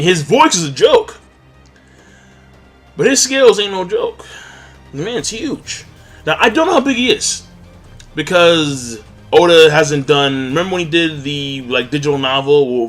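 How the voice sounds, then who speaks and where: A man's voice: fairly high pitch, a bit bright. A man giving a casual, rambling recap of an anime episode, full of slang and filler words. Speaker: anime reviewer.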